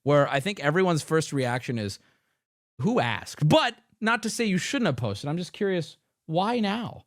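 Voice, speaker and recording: A man's voice: fairly high pitch, sing-song, moderate pace, no echo, clean studio sound. A man hosting a live stream, interviewing a caller with blunt, teasing questions.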